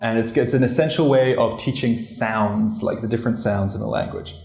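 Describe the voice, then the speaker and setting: A man presenting a casual pronunciation lesson as a learner of the language, explaining in a relaxed, chatty way with lots of "like" fillers. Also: medium pitch, normal speed, creaky, slight background noise. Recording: roomy echo.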